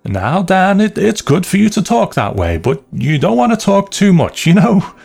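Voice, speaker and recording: A man voicing a nervous man who tries to calm a friend in a halting way. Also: high-pitched, vocal fry, husky, soft background music, voice pushed up, full character voice. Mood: placating.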